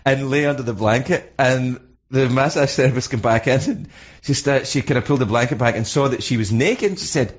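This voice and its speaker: A man hosting a radio show, chatting casually and telling jokey stories with sudden high laughing bursts. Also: a little fast. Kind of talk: casual chat.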